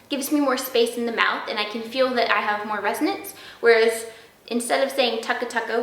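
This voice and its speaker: A woman flute teacher giving a clear, step-by-step lesson and sounding out practice syllables. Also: fairly high pitch, fairly even intonation, a little fast, reverberant, background noise. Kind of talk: instructional video lesson.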